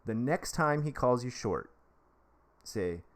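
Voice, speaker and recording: A man in his thirties hosting a live stream, chatting casually as he gives advice and breaks off excitedly to thank donors. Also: medium pitch, slow pace. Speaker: livestream host giving advice.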